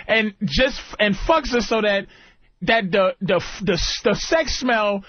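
A man's voice: high-pitched, expressive, slow, slight background noise. A man guesting on a radio show, ribbing the host with crude, laughing teases. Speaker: comedian guest. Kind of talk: casual radio talk. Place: radio studio. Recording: dull lo-fi radio broadcast.

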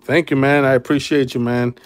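A man's voice: mid-range voice, flat delivery, a little fast. A man hosting a casual livestream card break, laid-back and friendly with viewers, calling them brother and man. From Chicago area.

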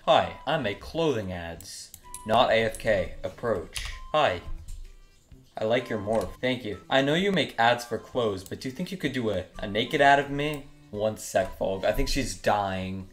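A man's voice: fairly low pitch, lively intonation, a little slow, soft background music. A young man giving crude, mocking commentary while trolling other players in an online game. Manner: joking, mocking, crude humor. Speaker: gaming YouTuber.

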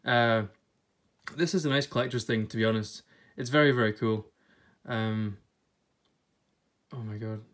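A young man from Scotland with a Scottish accent, talking casually in a vlog. He chats freely and laughs a lot, and he reads passages aloud in a halting, stop-and-start way. His voice sits at a middling pitch. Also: a bit bright. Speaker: vlogger. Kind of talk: casual unboxing chat.

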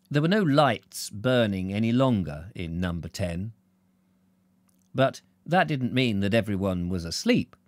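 A man narrating a novel aloud in a live reading, expressive, correcting his slips as he goes. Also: lowish voice, dry recording.

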